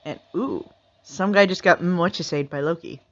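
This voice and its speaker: A woman's voice: on the low side, moderate pace. A woman giving casual, sarcastic reaction commentary and laughing often. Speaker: reaction video host. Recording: slightly muffled lo-fi recording.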